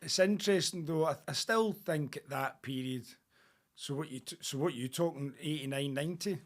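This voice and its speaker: A man's voice: on the high side, moderate pace. Brief: Glaswegian man, podcast host, easygoing banter with a self-deprecating edge. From Scotland. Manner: chatty, jokey, self-deprecating. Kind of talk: casual interview chat.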